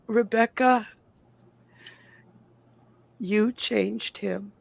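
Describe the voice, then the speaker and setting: A woman psychic medium giving an emotional live reading in a slow, tender, halting way. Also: mid-range voice, steady tone, gravelly, slightly rough, dry recording. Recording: dull lo-fi sound.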